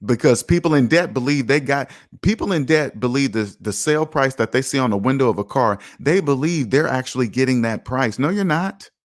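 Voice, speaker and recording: A man's voice: mid-range voice, brisk, hardly any pauses. A man hosting a finance livestream, emphatic and self-assured, talking casually and reacting to viewer comments. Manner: emphatic and self-assured, lively swings in loudness. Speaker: finance channel host. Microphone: streaming mic.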